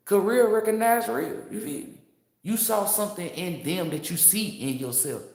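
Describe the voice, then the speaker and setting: A woman's voice: low voice, echoey room. A woman giving a casual spiritual monologue as a tarot reader, brash, boastful and profane, laughing often.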